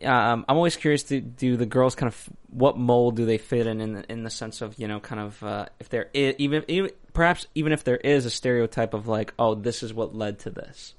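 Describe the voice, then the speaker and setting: A man's voice: mid-range voice, a little fast, hardly any pauses. Casual, hesitant male producer in a studio booth, mid-range voice. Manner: hesitant, lots of fillers and restarts. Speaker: producer and co-host. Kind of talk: casual chat.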